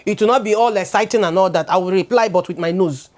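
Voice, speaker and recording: A woman's voice: mid-range voice, quick pace, a little mellow. A woman in her thirties with a Nigerian accent, co-hosting a casual chat and sharing her views animatedly, slipping into Pidgin and repeating words as she goes. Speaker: co-host.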